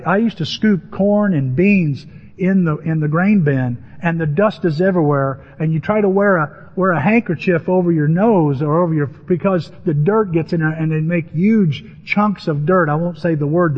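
A pastor with a high-pitched voice delivers a lively, conversational sermon. His voice rings with a long hall reverb, and the recording sounds dull and muffled. He slips into acted-out voices as he tells stories. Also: normal speed, slightly rough. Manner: animated, acts out biblical voices with rising pitch.

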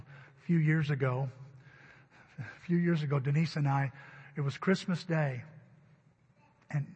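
A man's voice: on the high side, a little mellow, husky, in a large hall, muffled recording. A middle-aged man preaching a sermon in a church, telling stories in a conversational way. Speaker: pastor. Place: church sanctuary.

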